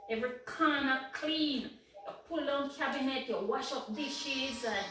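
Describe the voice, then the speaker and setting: A Jamaican woman co-hosting, telling childhood stories in a lively, laughing way. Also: sits high, a little slow, background noise. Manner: animated, laughing. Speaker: co-host. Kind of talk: casual storytelling. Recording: echoey room, mic at a distance.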